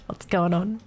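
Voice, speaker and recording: A woman's voice: mid-range voice, darkish tone, husky. A young woman streaming live, chatting casually and swearing as she fixes her setup, sounding a little congested.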